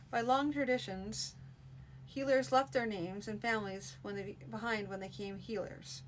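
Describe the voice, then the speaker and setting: A woman reading a fantasy manuscript aloud in a steady, unpolished live-streamed reading. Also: fairly high pitch, normal speed, slight background noise, poor audio. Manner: steady reading with frequent restarts. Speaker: narrator.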